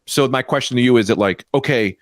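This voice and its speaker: A man co-hosting a comedy podcast over a video call, playful and quick to laugh. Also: medium pitch, dry recording, clean studio sound. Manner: playful, lively, laughs often. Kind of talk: casual comedic chat.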